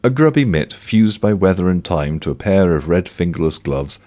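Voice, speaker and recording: A man's voice: deep voice, animated, normal speed, darkish tone. A man narrating a comic novel with a dry, wry delivery. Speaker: audiobook narrator.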